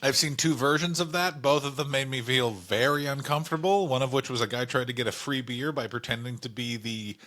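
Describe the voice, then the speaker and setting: A man's voice: medium pitch, fairly quick, hardly any pauses, sharp tone. A male comedian co-hosting a podcast, telling stories animatedly with swearing and mock voices. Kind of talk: casual comedic chat.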